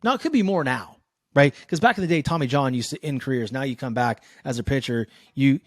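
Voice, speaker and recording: A man from Northern California, in his thirties, telling a story as a podcast guest in a loose, profane, animated way, acting out the people in it. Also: medium pitch, fairly quick, no room sound, clean studio sound. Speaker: podcast guest, sales coach. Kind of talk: casual storytelling in a podcast interview.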